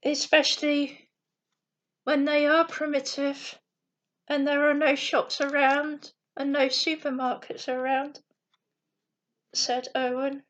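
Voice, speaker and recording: Slow, high-voiced woman reading a bedtime story. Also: flat delivery, a bit bright. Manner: slow, careful reading with small slips.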